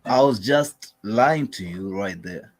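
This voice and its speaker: A man with a husky voice, a streamer casually chatting with strangers over video chat in an upbeat, questioning way. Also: lowish voice, lively intonation, slow. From Kenya.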